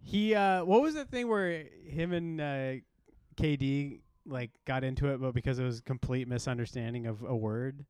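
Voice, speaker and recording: A man's voice: medium pitch, normal speed, darkish tone, clean tone, no room sound. A man co-hosting a podcast, chatting casually about basketball, rambling with frequent restarts and laughter. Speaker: podcast co-host. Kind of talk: casual sports chat.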